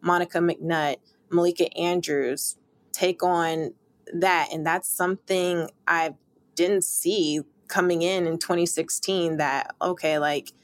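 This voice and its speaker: A young woman sports reporter speaks in an upbeat, emphatic way, punching key phrases and laughing now and then. Her voice sits a little low, and the recording is dry and close. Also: fairly even intonation, slow pace, no echo. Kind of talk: interview.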